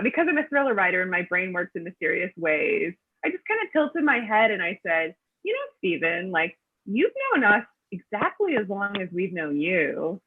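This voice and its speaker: A chatty woman author answers questions over a video call, her voice slightly husky and squeezed through a thin, phone-like line. She rambles through her stories with plenty of ums and restarts. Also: fairly low pitch. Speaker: guest author. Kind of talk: casual storytelling answers.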